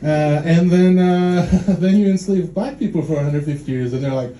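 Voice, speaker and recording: A man from Poland doing dry, dark stand-up and teasing the crowd, on a handheld mic in a club. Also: high voice, normal speed. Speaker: stand-up comedian. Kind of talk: stand-up comedy. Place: dark club room in a city. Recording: echoey club with loud audience noise.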